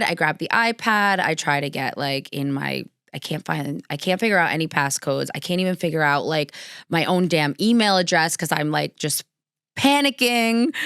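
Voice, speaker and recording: Young woman, casual storytelling, animated with frequent laughter, lower voice, smooth and clear, dry close sound. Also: dry recording. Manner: animated, laughing often, pitch jumping high when excited. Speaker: podcast host.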